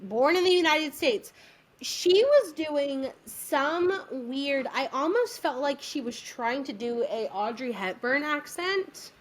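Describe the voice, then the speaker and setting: A woman co-hosting a podcast, chatting casually and retelling a musical's plot with lively quoted voices. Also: high-pitched, slow. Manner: animated retelling with quoted voices, frequent fillers. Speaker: podcast co-host. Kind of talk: casual chat recapping a musical.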